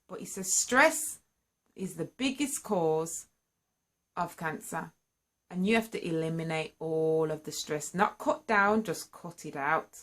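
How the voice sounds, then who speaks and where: A woman telling her own story to camera, candid and earnest, and lively when excited. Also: fairly low pitch, normal speed. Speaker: singer sharing a personal story. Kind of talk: candid personal vlog storytelling.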